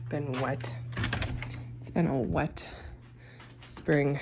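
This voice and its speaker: Walking through her house and basement with a handheld phone, a woman chats casually in a rambling, filler-heavy vlog. She speaks slowly in a deep voice, pausing often, against an echoey room and a noisy background.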